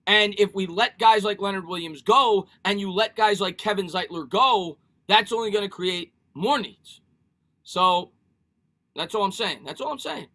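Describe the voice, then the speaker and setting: Male sports streamer, high and bright, excitable and repetitive, casual live chat. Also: moderate pace. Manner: animated, repeats himself, reads viewer comments.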